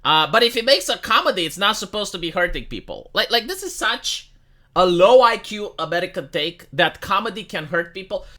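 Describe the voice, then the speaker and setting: Male channel host, bright forceful delivery, combative opinion rant. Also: high voice, animated, brisk. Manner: heated, emphatic, swearing, frequent "right?" and "like".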